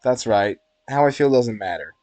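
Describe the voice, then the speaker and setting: A man reading the inner monologue of an anxious, self-conscious teenage schoolgirl in a visual novel, in a nervous, rushed way. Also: medium pitch, lively intonation, darkish tone, dry recording, soft background music, lightly acted.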